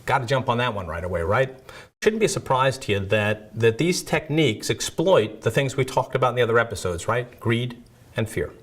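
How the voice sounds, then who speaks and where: A man's voice: mid-range voice, lively intonation, a little fast. A man presenting a security awareness video episode in a conversational, self-deprecating way, often checking in with "right?".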